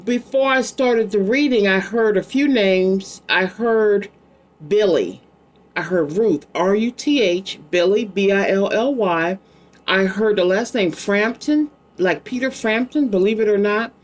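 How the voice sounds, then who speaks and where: A woman's voice: medium pitch, a little slow. A middle-aged woman giving a casual, rambling psychic card reading, chatting between cards and making fond asides to her small son. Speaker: psychic tarot reader.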